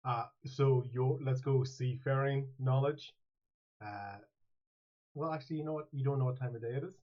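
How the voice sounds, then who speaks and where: A man's voice: mid-range voice, fairly even intonation, moderate pace. A man running a tabletop game as game master, rambling and playful, often restarting his sentences, on a dull, lo-fi mic.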